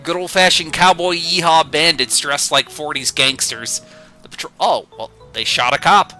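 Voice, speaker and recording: A man's voice: a little high, moderate pace, bright, forceful tone, soft background music. A man streaming a casual read-through of old comics, with sarcastic, joking asides and swearing.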